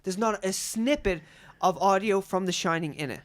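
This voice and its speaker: A man's voice: sits high, moderate pace. A man co-hosting a podcast in casual chat, eagerly rambling through stories. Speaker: podcast co-host.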